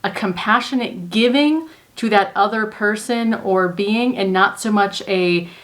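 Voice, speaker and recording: Calm woman coaching in steps. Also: mid-range voice, measured pace. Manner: calm, earnest explaining in spoken steps. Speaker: manifestation coach. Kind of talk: casual teaching monologue.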